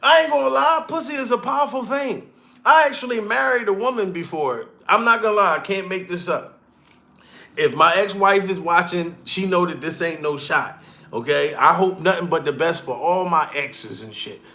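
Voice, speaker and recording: A man giving a loud, rowdy, profane comedy reaction commentary, laughing and swearing as he rants. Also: high-pitched, moderate pace, gravelly.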